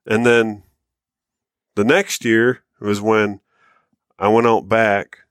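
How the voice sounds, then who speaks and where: A man co-hosting a hunting podcast, telling long stories in a loose, animated way and swearing freely. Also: fairly low pitch, takes it slowly, smooth, dry recording, clean studio sound. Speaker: podcast co-host. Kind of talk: casual storytelling chat.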